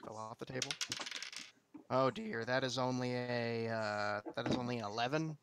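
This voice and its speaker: A man's voice: mid-range voice, fairly even intonation, moderate pace, background noise. A man playing a tabletop game, chatting casually and enthusiastically about his moves. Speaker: player.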